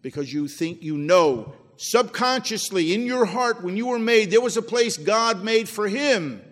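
A man preaching a sermon as pastor, swinging between emphatic peaks and low, quiet drops. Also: expressive, measured pace, long reverb tail. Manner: preachy, rising to emphatic then dropping low. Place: church sanctuary.

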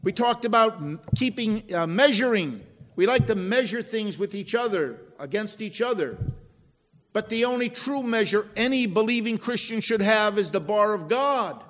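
A man preaching a sermon, slow and deliberate, swinging from loud stresses to near-whispered drops. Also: high voice, lively intonation. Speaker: pastor. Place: church. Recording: long reverb in a large hall.

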